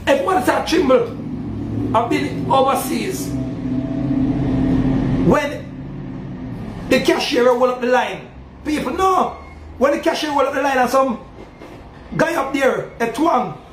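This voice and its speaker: Self-styled Maroon chief, Jamaican accent: this man preaches with emphasis, repeatedly checking that his audience understands. His very high voice is lively in intonation yet slow, with many pauses. Roomy echo and faint ambient noise fill the recording.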